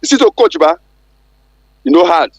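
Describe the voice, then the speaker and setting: Brief: high-voiced Nigerian male caller, dry sound, fired up and insistent. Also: very animated, normal speed, breathy edge, no room sound, dull audio. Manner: irate, insistent. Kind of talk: heated phone-in rant.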